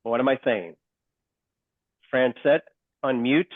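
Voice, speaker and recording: A male instructor giving a live online lesson. He is animated, keeps questioning the class and repeats key points slowly. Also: medium pitch, no room sound. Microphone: video call. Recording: dry, phone-like call audio.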